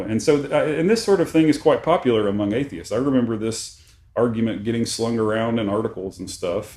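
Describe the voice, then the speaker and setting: A man leading a church study lesson, talking in a conversational, halting way with frequent restarts. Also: fairly low pitch, a little mellow. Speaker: Bible study teacher. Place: church meeting room. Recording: roomy room with faint background noise.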